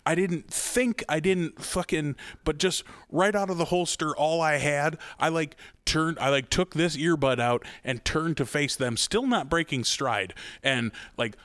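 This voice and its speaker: A man's voice: on the high side, unhurried, few pauses, fairly bright tone, no room sound. A man co-hosting a podcast, from the American Midwest, telling a story in casual chat, swearing freely and acting out the voices he quotes. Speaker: podcast co-host.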